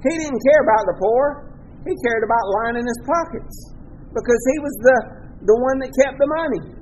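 A man's voice: very high-pitched, moderate pace, a little hiss or hum, low-quality recording. A male pastor with a Southern American accent, preaching a sermon emphatically, with his voice rising and falling for effect.

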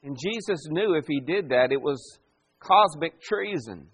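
A man with a high voice preaches a sermon. He slips into the voices of the people in his story and keeps putting pointed questions to his listeners. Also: lively intonation, a little slow, a bit bright, slightly rough, soft background music. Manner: dramatic voicing of quoted figures, rhetorical questions. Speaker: pastor.

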